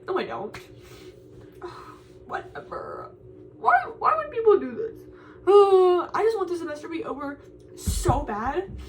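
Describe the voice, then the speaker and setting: A woman's voice: extremely high pitch, far from the mic, slight background noise. A young woman, a college student, venting to camera in a frustrated, tearful, rambling way and repeating herself. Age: young adult.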